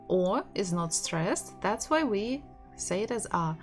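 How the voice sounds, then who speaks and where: A woman with a Russian accent teaching an online language lesson, patiently repeating words slowly so learners can practice. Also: mid-range voice, big pitch swings, faint music behind. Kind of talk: online language lesson, slow drilled pronunciation.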